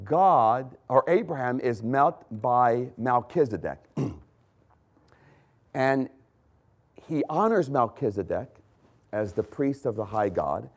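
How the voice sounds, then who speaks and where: A pastor with a medium-pitched voice preaches a sermon, swinging between loud, emphatic lines and hushed ones. He pauses now and then to correct his own slips.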